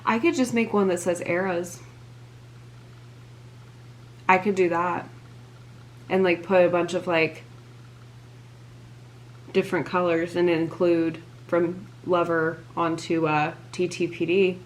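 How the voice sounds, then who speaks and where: Young woman, vlogger, low-ish voice, unhurried, gushing, lots of fillers, sighing, faint hum behind. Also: little pitch movement. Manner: gushing, filler-heavy, breathy sighs. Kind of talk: casual chat while crafting.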